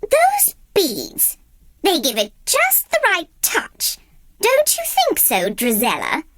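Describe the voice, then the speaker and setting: Storybook stepmother, cold and smug, slow low delivery, read by a woman. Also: wildly swooping pitch, a bit bright, dry recording, heavily acted. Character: cold scheming stepmother, middle-aged woman.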